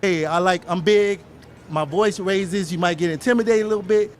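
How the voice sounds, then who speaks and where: Male street debater, insistent, fairly high voice, faint outdoor noise. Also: normal speed.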